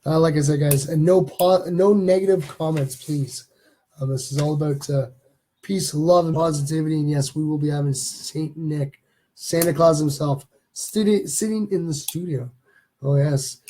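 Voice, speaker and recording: A man with a husky, mellow voice pitched a little high hosts a live stream from his home studio. He rambles in a chatty way and reads viewers' comments aloud between his own remarks. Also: normal speed. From Canada. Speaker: host of a live stream show. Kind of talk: casual live-stream chat.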